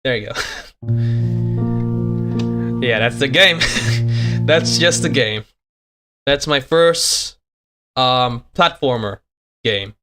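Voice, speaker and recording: A man's voice: mid-range voice, expressive, extremely slow, long pauses, over music. A man streaming as a VTuber, chatting casually and chuckling often as he shows off games he made, repeating himself and trailing off mid-sentence. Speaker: VTuber streamer and game developer. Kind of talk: casual live-stream commentary.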